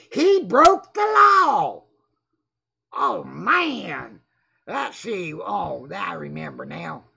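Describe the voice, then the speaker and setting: A man hosting a livestream, reading the chat aloud and mocking his critics in a loud, excitable voice that often breaks into shouts. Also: high-pitched, creaky, husky. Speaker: livestream host.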